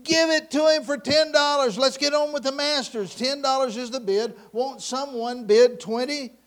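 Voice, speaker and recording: A man's voice: extremely high pitch, measured pace, pitched above the performer's own voice. A man voicing an auctioneer who keeps calling out for bids in a raised, insistent voice.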